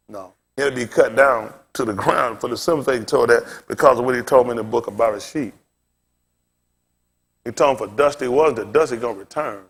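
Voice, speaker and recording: A man's voice: mid-range voice, fairly bright tone, slightly rough. A male pastor teaching a Bible lesson in a loose sermon style, constantly throwing questions at his listeners. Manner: quizzes listeners with rhetorical questions, casual phrasing.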